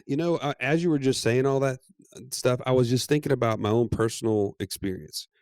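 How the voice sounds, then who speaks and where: A man co-hosting a podcast, telling a story in a playful, animated way and laughing often. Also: mid-range voice, fairly quick, no echo, clean studio sound. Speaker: podcast co-host. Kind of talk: casual storytelling chat.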